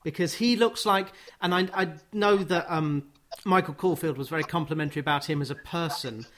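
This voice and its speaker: Wry male radio host, slightly high voice. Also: fairly quick, noisy background. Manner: wry, teasing. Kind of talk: casual radio chat.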